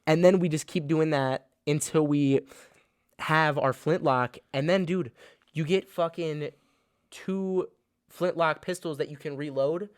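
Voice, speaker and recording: Excitable young man, slightly high voice. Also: unhurried, clear, resonant tone, dry recording, clean studio sound. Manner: excitable, profane, laughs often. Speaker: podcast co-host. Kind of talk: casual comedic banter.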